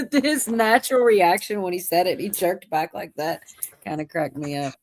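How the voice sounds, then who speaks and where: A woman's voice: on the low side, a little slow, no echo. A woman hosting a casual livestream, rambling and laughing easily. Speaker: livestream host.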